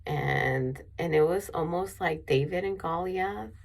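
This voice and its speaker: Low, husky, gravelly-voiced woman storyteller. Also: a little slow. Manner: rambling, with many restarts and fillers. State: emotional, near tears. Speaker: vlogger. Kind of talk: personal storytelling.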